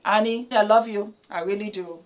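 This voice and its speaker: A woman's voice: mid-range voice, steady tone, normal speed. A woman giving blunt, preachy gossip commentary straight to the camera, addressing the subject directly. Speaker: celebrity gossip vlogger.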